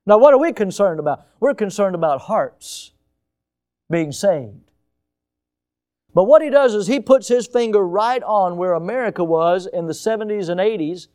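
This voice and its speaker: Older guy pastor preaching, high voice, gets loud then drops way down. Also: expressive, moderate pace. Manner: preaching with emphatic rises and sudden drops. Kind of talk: sermon.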